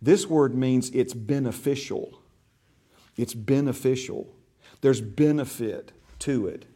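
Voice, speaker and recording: A man with a warm, husky, mid-range voice teaches a church discipleship class at a slow pace. He speaks in a folksy way, often restarting and repeating himself, and keeps asking his listeners "right?" or "okay?"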